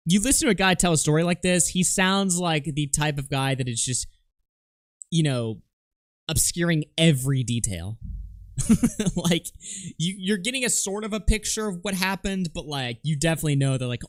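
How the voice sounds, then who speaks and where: A man on a live stream comments on a clip with open mockery, his voice swinging widely through a fairly high pitch. Now and then he mimics people in loud, shrill shrieks. The sound is dry and close. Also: no echo. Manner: mocking, animated, mimics others in loud shrieks.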